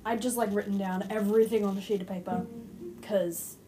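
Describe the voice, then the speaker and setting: A young woman hosting an unscripted fan-theory podcast, excitable and rambling, who speeds up when excited. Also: medium pitch, fairly quick. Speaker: podcast host. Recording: music playing behind the voice.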